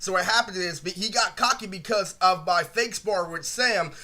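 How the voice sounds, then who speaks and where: A man's voice: sits high, normal speed, sharp tone, faint music behind. A man telling a long personal story as a vlog, rambling and aggrieved, full of swearing and constant fillers. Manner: aggrieved, ranting retelling. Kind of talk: casual storytime monologue.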